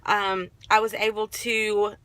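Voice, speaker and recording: A woman's voice: medium pitch, little pitch movement, slow, a bit bright, dry recording. A woman in her forties talking earnestly in a casual vlog, recorded on a phone in her car. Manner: earnest, personal, rambling with restarts. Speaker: vlogger. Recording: car and road noise behind.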